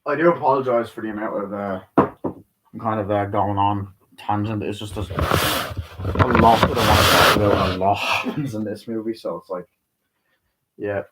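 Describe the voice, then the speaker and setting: This is a man with a lowish voice doing a casual spoken movie review. He drifts off on tangents, pads his talk with fillers and swears without a second thought. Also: normal speed, pauses often, background noise. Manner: rambling, profane, tangent-prone, filler-heavy.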